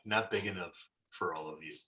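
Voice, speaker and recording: A man's voice: deep voice, brisk, sharp tone, pitched below the performer's own voice. A man voicing a muttering, dry-witted male adventurer. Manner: muttered under the breath, dry. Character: grumbling bloodthirsty male adventurer. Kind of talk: tabletop role-play voicing.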